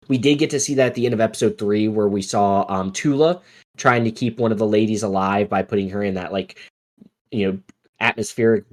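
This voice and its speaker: A man co-hosting a podcast, chatting casually and rambling with lots of fillers. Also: fairly low pitch. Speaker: podcast co-host. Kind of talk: casual chat.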